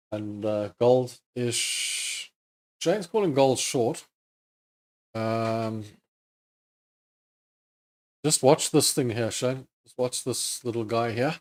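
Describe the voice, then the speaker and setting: A man hosting a live trading stream, casually thinking aloud over charts and chatting with viewers. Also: mid-range voice. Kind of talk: live market commentary.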